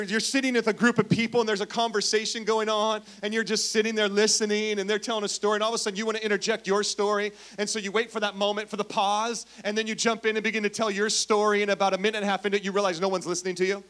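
A man with a notably high voice delivers a sermon as a pastor. He tells stories with humor and keeps calling on the congregation to answer him. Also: fairly bright tone. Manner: playful, asks the crowd for responses.

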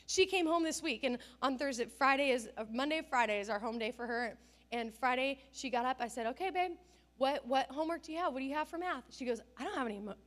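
A middle-aged woman pastor preaches from the pulpit in a fairly high voice. She tells stories with animation, acting out the people she quotes and jumping up in pitch for emphasis. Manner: animated storytelling, acts out family scenes and quotes with bursts of laughter. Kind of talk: sermon.

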